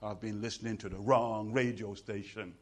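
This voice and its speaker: A man's voice: fairly low pitch, steady tone, normal speed. A middle-aged British man performing poetry to a live audience, with a rhythmic chanting delivery and playful banter with the crowd. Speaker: performance poet.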